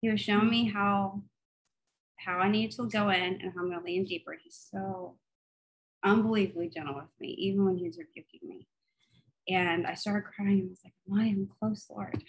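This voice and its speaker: A woman co-hosting a faith podcast, telling a personal story with lots of laughter and then praying in a soft, earnest voice. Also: medium pitch, moderate pace, low-quality recording. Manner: animated storytelling, laughs often, turns soft and earnest in prayer. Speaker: podcast co-host. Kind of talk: faith podcast chat and prayer.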